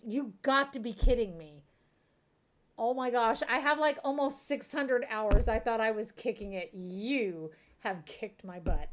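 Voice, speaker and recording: Giggly woman streaming games. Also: fairly high pitch. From Kentucky, USA. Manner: chatty, giggly, talks to her chat. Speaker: game streamer. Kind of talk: casual chat while streaming a life-sim game.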